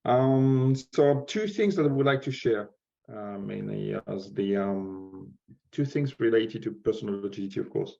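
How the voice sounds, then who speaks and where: A man from France with a French accent, speaking English as a second language, halting and searching for words as a guest speaker. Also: fairly low pitch, lively intonation, vocal fry, mellow. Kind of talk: conference talk. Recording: dull lo-fi sound.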